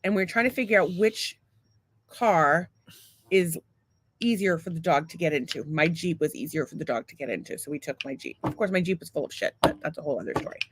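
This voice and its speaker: A woman's voice: sits low, brisk, slight background noise. A woman co-hosting a podcast, telling a long story in a casual, rambling, profane and self-mocking way. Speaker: podcast co-host.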